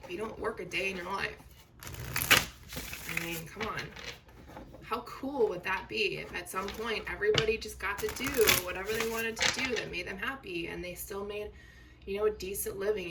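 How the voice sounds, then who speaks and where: Chatting directly to her viewers, a woman does a relaxed tarot reading, reassuring them, dropping filler words and frequently asking "okay?". She has a mid-range, slightly bright voice. The recording comes from a somewhat distant mic with faint noise.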